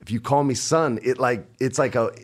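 A man in his forties, a podcast guest telling stories in casual chat, swinging from hushed to loud. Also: medium pitch, normal speed, heavy background noise. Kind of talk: casual storytelling.

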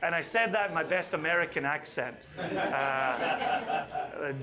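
A man leading a whisky tasting for a live audience, chatty and enthusiastic with quick asides. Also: a little high, lively intonation, crowd noise.

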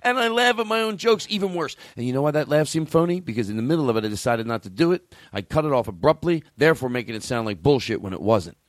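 A man's voice: mid-range voice, animated, fast talker, few pauses, no echo, clean studio sound. A man hosting a comedy chat, riffing and slipping into silly put-on voices. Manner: jumps into silly impressions and breaks into laughter. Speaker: comedy podcast host. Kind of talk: improvised comedy banter.

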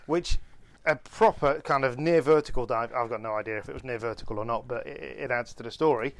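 A man casually telling an animated anecdote on a podcast, with many restarts. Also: medium pitch, brisk, no room sound. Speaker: podcast co-host. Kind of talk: casual storytelling chat.

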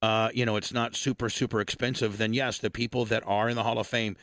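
A man's voice: on the low side, little pitch movement, fast, fairly bright tone, no room sound, studio quality. A man hosting a casual podcast chat, talking bluntly with swearing and rambling restarts. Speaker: podcast host.

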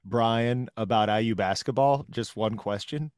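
A man's voice: fairly low pitch, a little slow, darkish tone, smooth, dry recording, studio quality. A man co-hosting a podcast who asks hesitant, rambling questions in a casual chat. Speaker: podcast co-host.

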